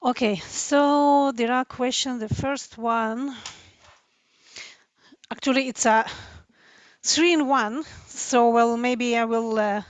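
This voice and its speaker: A woman moderating a webinar, slowly and hesitantly reading out audience questions. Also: fairly high pitch, no room sound.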